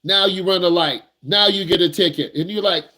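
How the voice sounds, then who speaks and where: A man's voice: high-pitched, fairly quick, sharp tone, a little hiss or hum. A man working as a driving instructor, giving blunt, repetitive, slangy advice to young drivers in a casual teaching talk.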